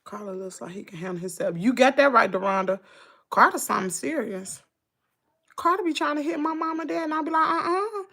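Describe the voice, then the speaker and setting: Southern woman, middle-aged, livestream host, bright voice, gravelly edge, casual folksy chat. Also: sits high, lively intonation, brisk. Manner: chatty, folksy, reads out viewer comments.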